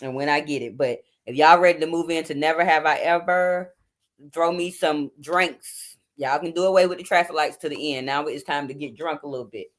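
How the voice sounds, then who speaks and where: Speaking fairly quickly in a deep voice, this woman in her forties runs an informal livestream from home at night. She talks straight to her audience through a phone or webcam microphone.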